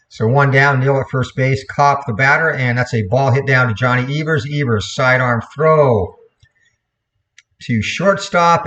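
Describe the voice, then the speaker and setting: A man calling play-by-play for a replayed computer baseball game, in a steady voice, correcting himself now and then. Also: mid-range voice. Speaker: play-by-play commentator.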